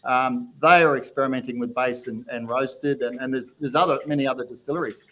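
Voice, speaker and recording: A man's voice: medium pitch, steady tone, a little fast, a bit bright. A man hosting a casual chat, asking long rambling questions with restarts. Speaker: podcast host.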